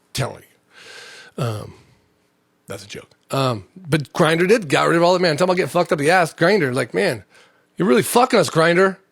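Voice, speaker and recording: A man's voice: mid-range voice, gravelly, no room sound. A man hosting a comedy podcast alone, rambling, profane and jokey. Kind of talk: rambling solo podcast chat.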